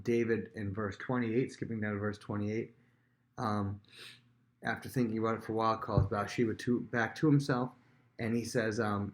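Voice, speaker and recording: A man teaching a casual Bible lesson, retelling the story in a chatty way with lots of fillers and quick acted-out quotes. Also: on the low side. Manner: chatty, many fillers, acts out quotes in voices.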